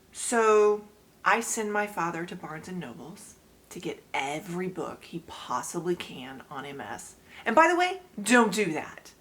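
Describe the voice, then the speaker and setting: A woman in her forties hosting her own channel, telling her story to camera in a chatty way, often laughing and speaking straight to her viewers. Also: on the low side.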